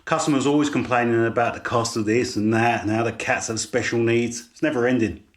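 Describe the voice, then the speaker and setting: Cocky young vet, voiced by a man, brisk, boastful, storybook reading. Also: medium pitch, fairly even intonation, lightly acted.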